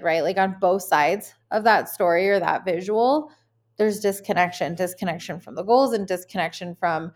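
A woman in her thirties co-hosting a podcast, chatting candidly with expressive, animated delivery and casual swearing. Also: mid-range voice. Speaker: podcast co-host.

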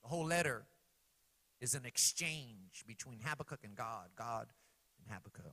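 A man preaching a sermon, swinging between loud, pleading cries and hushed asides while asking the congregation questions. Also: mid-range voice, lively intonation, moderate pace, in a large hall. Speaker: pastor.

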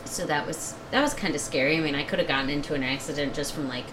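Female podcast co-host, wry and teasing, lowish voice, noisy recording. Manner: wry, quick to tease. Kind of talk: casual chat.

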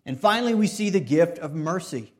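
A male pastor delivering a sermon in a voice pitched somewhat high. He swings between loud, emphatic bursts and quiet, hushed passages. He often restarts and repeats phrases. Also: animated, fairly quick. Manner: earnest preaching that swings from loud emphasis to soft, hushed stretches.

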